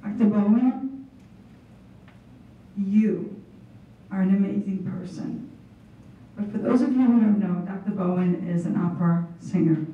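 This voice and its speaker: A woman in her thirties, honored as a student, gives a heartfelt, emotional thank-you speech without a script. Her medium-pitched voice moves a little slowly with long pauses, captured from far off in an echoey hall that sounds dull.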